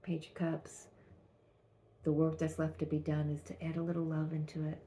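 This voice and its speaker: A woman giving a channeled tarot reading, talking gently and haltingly with many restarts. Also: low-pitched, monotone. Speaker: tarot reader.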